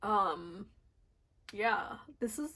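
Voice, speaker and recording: A woman giving a casual pick-a-card tarot reading, soft and rambling with many fillers, teary and choked up. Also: medium pitch, animated, extremely slow, husky. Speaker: tarot reader.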